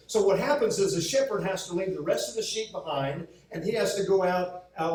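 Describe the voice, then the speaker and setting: High-voiced pastor preaching in an echoey church. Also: male voice. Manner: humorous storytelling with acted-out quotes. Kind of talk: sermon. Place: church sanctuary. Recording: very echoey hall, mic from far off.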